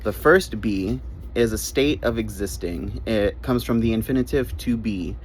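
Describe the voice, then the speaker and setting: A man with a fairly low voice explains English grammar in short tips. He spells words out letter by letter and repeats his main points for emphasis. A faint hum of noise sits under the recording. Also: a little slow, rough recording. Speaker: English teacher.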